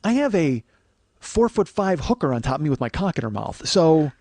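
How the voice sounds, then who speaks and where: A man in his forties, hosting his podcast and telling a raw, profane story that swings from hushed and tearful to loud and laughing. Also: a little high, big pitch swings, normal speed. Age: 40s. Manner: profane, rambling with many restarts. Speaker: podcast host. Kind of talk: confessional comic storytelling.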